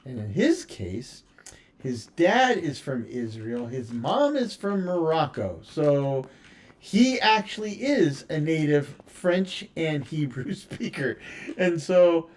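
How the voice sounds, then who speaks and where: An American man chatting casually while streaming a building game, telling rambling stories with many fillers and restarts. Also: mid-range voice. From United States.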